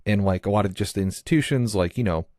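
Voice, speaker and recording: A man with a very deep voice hosts a casual movie podcast, thinking out loud in long, meandering sentences full of fillers and restarts. His voice sits close and dry, with no room sound around it. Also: fast, no room sound. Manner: rambling, heavy use of "like" and restarts. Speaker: podcast host.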